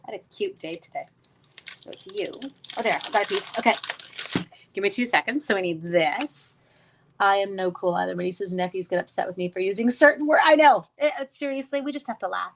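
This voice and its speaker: A middle-aged woman teaching a card-making class live, chatting casually, greeting viewers by name and making self-deprecating asides. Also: medium pitch. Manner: rambling storyteller mid-task. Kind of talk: casual live-stream craft tutorial.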